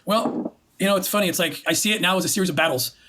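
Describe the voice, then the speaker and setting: A man's voice: high-pitched, fast, sharp tone. A man talking as an interview guest in an earnest, emphatic storytelling way. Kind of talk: interview conversation.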